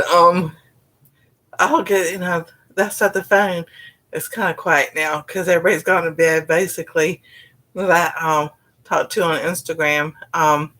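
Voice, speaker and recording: A cooking-channel host with a Southern US accent chats unhurriedly on an easygoing livestream, her slightly low voice carrying a fairly bright tone. Folksy and meandering, she drops "y'all" and laughs a lot.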